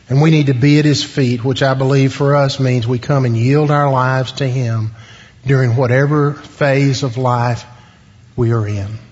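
A man preaching a sermon, asking the congregation questions and pausing for emphasis. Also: mid-range voice, darkish tone. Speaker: pastor. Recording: dull sound with long hall reverb.

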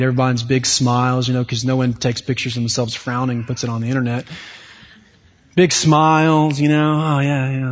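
Preacher with hall reverb, dull sound. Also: male voice. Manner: swings from hushed to loud, rising high when acting out inner voices. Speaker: pastor. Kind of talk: sermon.

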